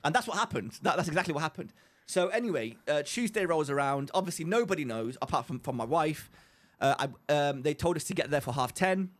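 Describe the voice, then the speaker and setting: A man's voice: on the high side, a little fast. A young man co-hosting a podcast, telling a story in casual chat and acting out the voices of the people he quotes. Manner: animated storyteller who acts out quotes. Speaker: podcast co-host.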